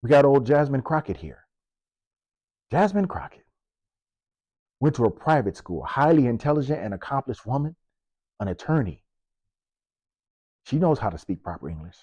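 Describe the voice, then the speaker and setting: A man's voice: medium pitch, big pitch swings, normal speed, long pauses, breathy edge, no room sound. Police officer guy ranting hard about politics, sarcastic, dry close sound. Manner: forceful, punchy rhetorical questions, sarcastic. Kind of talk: impassioned political commentary.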